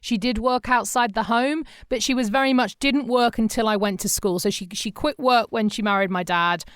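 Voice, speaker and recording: Lively middle-aged woman, dry close sound. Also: a little high, moderate pace, clean tone, no echo. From England. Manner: animated storytelling, acts out quoted voices. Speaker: podcast co-host. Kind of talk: casual podcast chat.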